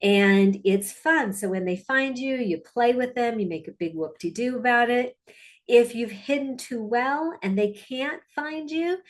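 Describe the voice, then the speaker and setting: A woman dog trainer narrating her video clips in a casual, chatty, upbeat way, with fillers and asides. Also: a little high.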